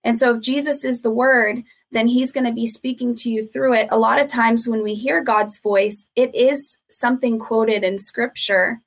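A woman's voice: fairly high pitch, normal speed, hardly any pauses. Earnest woman teaching on a podcast. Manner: earnest, steady teaching with repeated emphasis. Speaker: ministry founder, guest.

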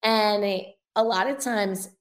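A young woman revivalist minister speaks slowly and with a steady tone in a mid-range voice. As a guest in a casual podcast interview, she delivers an earnest, emotional testimony.

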